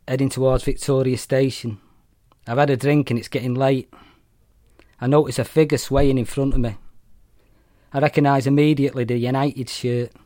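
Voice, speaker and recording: A man with a Mancunian accent reading a short story aloud, blunt, profane and wry in a deadpan way. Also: medium pitch, dry recording, studio quality. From Manchester, England.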